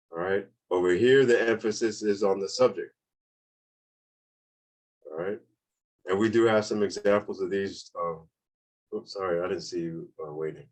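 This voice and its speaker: A man's voice: lowish voice, rough recording. A man teaching a beginners' language class online, explaining grammar in a casual way, often repeating points and checking in with "okay?".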